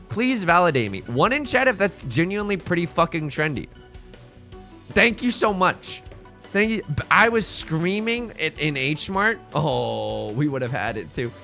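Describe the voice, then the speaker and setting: A man streaming live and chatting casually with his viewers while he plays. He sounds slightly hoarse and is excitable and self-mocking. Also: on the high side. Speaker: livestreamer.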